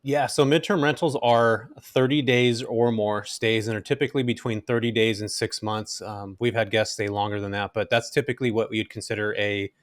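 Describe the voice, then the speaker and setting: A middle-aged man telling his story as an interview guest, animated and casual, with frequent fillers. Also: fairly low pitch, no room sound, studio quality. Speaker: guest, rental investor.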